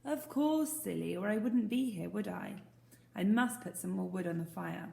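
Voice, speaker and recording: A woman's voice: mid-range voice, normal speed, gravelly, a little mellow. A woman voicing a cheerful, confident young Boy Scout who talks in a breezy, teasing way. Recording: roomy echo.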